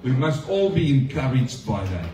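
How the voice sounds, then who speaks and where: A man's voice: medium pitch, very animated, normal speed, far from the mic, a crowd in the background. A male pastor giving a conversational sermon to his congregation, often asking them questions. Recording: echoey room, speaker off-mic.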